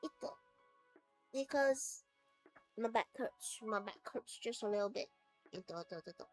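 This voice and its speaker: A woman's voice: fairly high pitch, normal speed, soft background music. A woman streamer chatting casually to her livestream viewers from home, rambling and playful as she drifts between topics. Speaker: VTuber streamer. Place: at home, sitting on the floor.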